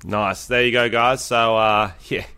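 A man's voice: on the low side, steady tone, unhurried, bright, forceful tone, smooth. A young Australian man co-hosting a podcast, joking around and swearing freely in casual banter. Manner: crude, sweary and jokey. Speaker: podcast co-host.

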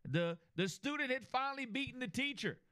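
Man, sports talk host, emphatic, high voice, dry close sound. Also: a little fast, smooth, no room sound. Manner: animated, emphatic, with restarts.

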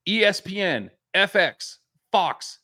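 A man's voice: high voice, lively intonation, takes it slowly, pushed and bright. A man in his thirties co-hosting a podcast, ranting angrily and swearing in casual chat. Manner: angry, profane ranting. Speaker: podcast co-host.

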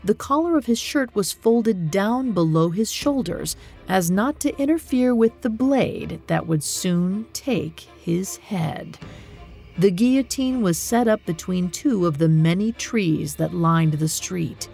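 A woman hosting a podcast, telling a grim history in measured, scripted narration. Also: mid-range voice, animated, gravelly, darkish tone, faint music behind. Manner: measured, grave storytelling. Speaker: podcast host.

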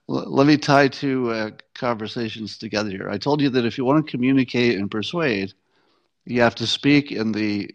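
Wry man talking straight to listeners. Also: mid-range voice. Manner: conversational, wry, frequent restarts and laughs. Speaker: commentary show host. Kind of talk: casual solo commentary.

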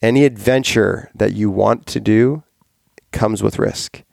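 A man's voice: on the low side, measured pace, gravelly, a little mellow, no echo, clean studio sound. A man hosting a podcast, chatting casually and enthusiastically, often rambling and correcting himself. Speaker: podcast host.

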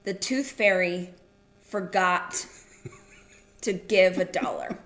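A woman co-hosting a casual chat, telling a family story in an animated way with quick asides. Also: lowish voice, echoey room. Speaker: podcast co-host.

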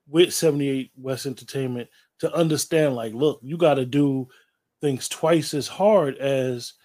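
A man interviewing a guest in a relaxed, slangy way, often repeating his words. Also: a little high. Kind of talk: casual interview talk.

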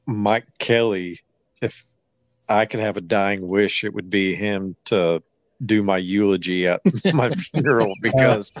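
Man, 30s, podcast host, slow halting delivery, low pitch, dry close sound. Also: no room sound. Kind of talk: casual sports podcast chat.

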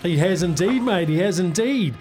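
A man's voice: sits high, expressive, moderate pace, music in the background. A man hosting a radio sports quiz, upbeat and matey with plenty of slang. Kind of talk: casual radio banter. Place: radio studio.

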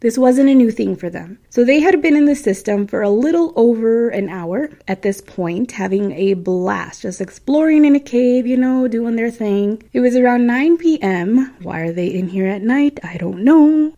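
A chatty Midwestern woman hosting a spooky story podcast, her voice mellow and dark with a gravelly fry at the ends of phrases. She talks casually, tossing in asides to her listeners and little laughs. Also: a little high, muffled recording. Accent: Midwestern American. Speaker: true-story podcast host.

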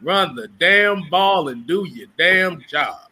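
High, bright man laughing along. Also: takes it slowly. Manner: animated, laughs often, repeats "hold on". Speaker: co-host. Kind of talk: casual sports talk.

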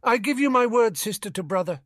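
A man voicing an anxious young girl who pleads softly and earnestly with her brother. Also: high voice, animated, fairly quick, dry recording, studio quality, pitched above the performer's own voice. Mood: pleading. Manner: soft, nervous, earnest pleading.

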